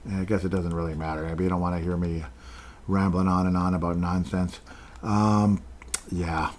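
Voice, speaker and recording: A man's voice: sits low, fairly quick. A man hosting a casual solo podcast, rambling along and reading out listener comments with a chuckle. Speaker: podcast host.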